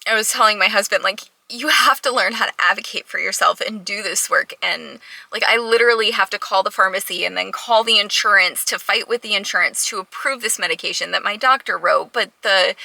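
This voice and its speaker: A young woman, vlogging in a quick, exasperated storytelling manner, close to tears. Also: mid-range voice, creaky, bright, forceful tone, no echo, low-quality recording. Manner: exasperated, fast storytelling with quoted dialogue. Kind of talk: casual vlog storytelling.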